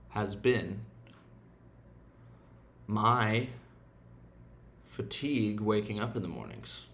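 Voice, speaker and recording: A man's voice: fairly low pitch, vocal fry, a little hiss or hum. Profane, blunt young man ranting. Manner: profane, blunt and self-mocking, slips into mumbling asides. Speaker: self-help vlogger. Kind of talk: casual motivational rant.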